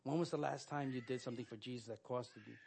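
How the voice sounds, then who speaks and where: A man's voice: mid-range voice, steady tone, quick pace, gravelly, a little mellow, slight background noise. Earnest man preaching. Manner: earnest, with frequent fillers and restarts. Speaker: pastor. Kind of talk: sermon.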